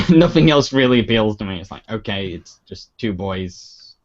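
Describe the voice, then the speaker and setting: A man hosting his own livestream, answering viewer questions in relaxed, chatty talk with giggly asides. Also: fairly low pitch, a little slow. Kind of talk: casual livestream chat. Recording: dull lo-fi stream audio.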